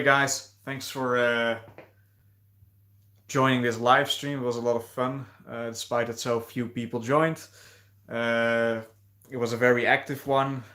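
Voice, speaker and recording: Flat-voiced man hosting a livestream. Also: medium pitch, a little slow, pauses often. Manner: hesitant, many fillers and restarts. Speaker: livestream host. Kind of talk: casual livestream chat.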